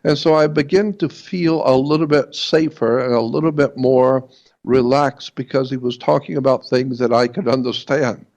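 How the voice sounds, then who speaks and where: Gravelly man telling a story. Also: medium pitch, fairly even intonation, a little mellow. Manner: halting, repeats words, slows for emphasis. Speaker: guest. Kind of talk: personal storytelling. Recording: dull lo-fi recording.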